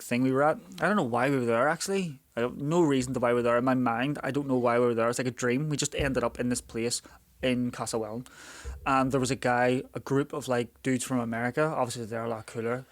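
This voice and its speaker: A man co-hosting a casual podcast, rambling through anecdotes with swearing and quick laughs. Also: medium pitch, steady tone. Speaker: podcast co-host. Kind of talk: casual chat.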